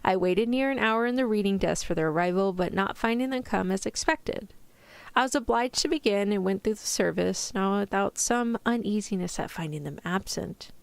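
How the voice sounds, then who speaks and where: A woman streamer giving a soft-spoken ASMR reading in a put-on British accent, pronouncing each word carefully and deliberately. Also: mid-range voice, creaky, smooth, dry recording. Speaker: vtuber streamer.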